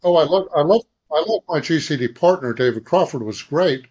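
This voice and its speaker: This guest is a middle-aged advertising creative director whose voice is fairly high, a little fast, and slightly rough. Telling an anecdote in conversation, he gets animated, doing impressions of others and adding sound effects as he goes.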